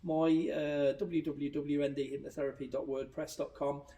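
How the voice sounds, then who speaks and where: A man's voice: fairly high pitch, normal speed. A man, a hypnotherapist and life coach, explaining his ideas with anecdotes as a podcast guest. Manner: animated, explains with examples and anecdotes. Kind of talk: casual podcast conversation. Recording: roomy echo, distant mic, faint ambience.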